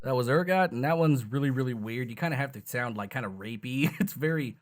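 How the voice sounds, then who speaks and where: A man's voice: medium pitch, a little fast. Tired man rambling casually with swearing. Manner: rambling, profane, self-deprecating. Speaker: gaming channel host. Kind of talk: casual tutorial chat.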